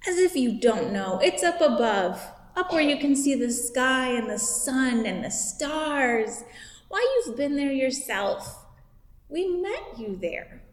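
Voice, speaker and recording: A woman's voice: high-pitched, sing-song, slow pace, heavily acted. A woman voicing an indignant schoolboy who speaks insistently. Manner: insistent, emphatic. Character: indignant schoolboy resisting a spell. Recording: echoey hall.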